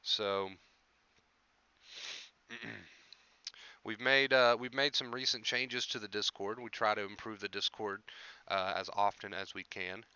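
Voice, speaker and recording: A man's voice: fairly low pitch, fairly even intonation, takes it slowly, pauses often, pushed and bright, clean tone, dry recording, highs cut off. A young man coaching on anxiety recovery in a casual live stream, repeating his points and greeting viewers by name.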